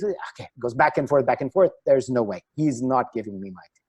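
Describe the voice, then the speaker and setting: Middle-aged relationship coach on a video call, mid pitch, lively storyteller who chuckles at himself. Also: male voice, brisk, slightly rough, muffled recording. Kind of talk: webinar talk with anecdotes.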